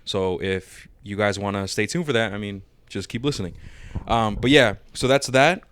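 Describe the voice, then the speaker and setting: A man's voice: fairly low pitch, normal speed, fairly bright tone, a little hiss or hum. A young man hosting a casual podcast, laid-back and slangy, reading through plugs and calling his listeners "guys". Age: young adult. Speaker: podcast host.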